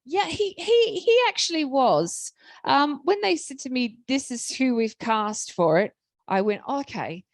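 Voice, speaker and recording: A woman with an Australian accent, speaking as an author on a panel. She tells lively anecdotes, acts out the people she quotes, and often restarts her sentences. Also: high voice, unhurried, no echo.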